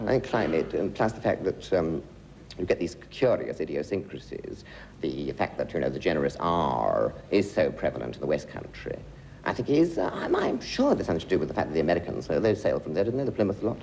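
A man's voice: deep voice, huge pitch swings, fairly quick, vocal fry, a little mellow, slight background noise. A man in his fifties telling anecdotes as a chat show guest, theatrical, acting out the people he quotes. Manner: theatrical, swooping voice, acts out quotes. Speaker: guest comedian. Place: television studio.

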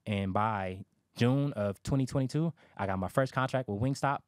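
A man's voice: medium pitch, moderate pace, a little mellow, no echo, studio quality. A man in his thirties telling his life story in a casual interview, candid and emphatic, swearing freely.

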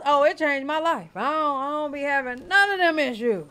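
A woman's voice: high-pitched, lively intonation, moderate pace, pushed and bright. A woman hosting a reaction video, talking bluntly and jokingly with profanity. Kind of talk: casual reaction commentary.

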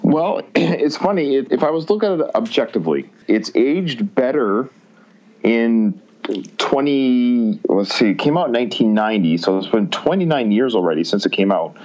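A man from Canada with a Canadian accent, a guest chatting in a low-key, modest, slightly hesitant way on a podcast. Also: expressive, normal speed, darkish tone, dull audio. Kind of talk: casual podcast chat.

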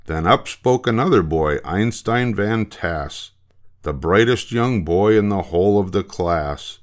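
An older man reads a rhyming children's picture book aloud, slow and deliberate. His voice sits fairly low and his tone rises and falls broadly as he tells the story. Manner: expressive, unhurried. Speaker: storybook reader.

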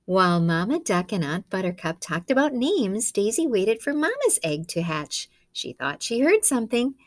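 A woman reads a picture book aloud to young children, gentle and coaxing, often stopping to ask them questions. Her voice rises and falls in a lively way as she reads slowly. The recording is close and dry. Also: mid-range voice, no echo. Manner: gentle and coaxing, asks the children questions, drops to soft whispers.

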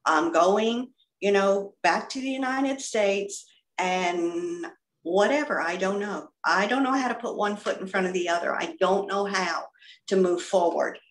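Middle aged lady sharing her faith story on a video call, lively, acts out the voices, echoey room. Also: medium pitch, measured pace, a little hiss or hum. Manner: animated storyteller, acts out dialogue, gushing. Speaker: ministry speaker giving testimony. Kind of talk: personal testimony over video call. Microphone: video call computer mic.

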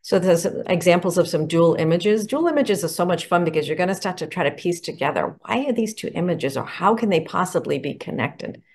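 Middle-aged woman educator, enthusiastic instructional delivery, slightly low pitch. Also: animated, fairly quick, hardly any pauses, a little mellow, breathy edge. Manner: enthusiastic, explanatory, poses questions. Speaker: educator presenting picture books. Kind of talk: instructional talk to teachers.

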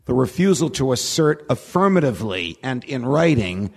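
A man's voice: mid-range voice, very animated, normal speed, gravelly, breathy edge. A man giving a lecture at a conference, a wry storyteller who laughs at his own jokes, speaking at a podium microphone. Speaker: guest speaker. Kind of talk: lecture with humorous anecdotes. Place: large conference hall. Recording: reverberant lecture hall.

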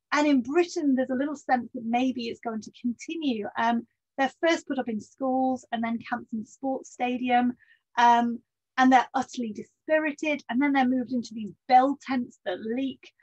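A woman's voice: a little high, husky, muffled recording. A woman giving a public history talk as a lecturer, speaking steadily with frequent ums and dry, wry asides.

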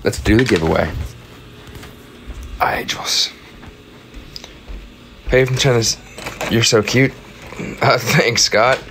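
A man's voice: medium pitch, takes it slowly, vocal fry, pauses often, a bit bright, a little hiss or hum. A young man chatting casually on a phone livestream at home, reading out viewer comments and thanking them for gifts.

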